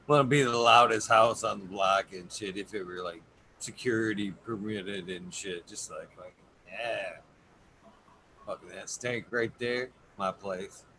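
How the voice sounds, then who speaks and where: A man's voice: low-pitched, noisy background. A man hosting a casual podcast chat, joking, swearing freely and laughing often. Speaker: podcast host.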